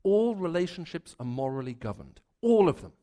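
Earnest male preacher, slightly high voice. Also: sing-song, normal speed, mellow. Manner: earnest, builds lists of repeated phrases. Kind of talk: sermon.

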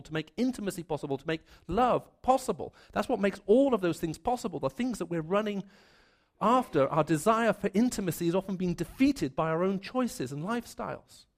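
An earnest male preacher delivering a sermon with a voice pitched a little high for a man. He stacks up repeated phrases to drive each point home and drops lower and quieter when he tells a story.

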